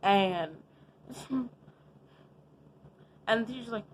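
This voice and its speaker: A young adult woman vlogger telling a casual storytime, chatty and animated, with lots of fillers and asides. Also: on the high side, slow, pauses often, rough recording. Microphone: adjusting the camera setup while talking.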